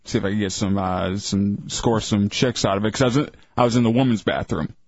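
A man's voice: on the low side, brisk, no echo. A young man co-hosting a radio show, cracking crude jokes in casual banter. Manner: crude, joking. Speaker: radio co-host. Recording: dull radio broadcast.

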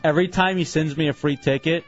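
A man's voice: a little high, fairly even intonation, fast talker, muffled recording, faint music behind. A man hosting a radio show in casual banter, telling stories with self-mocking asides.

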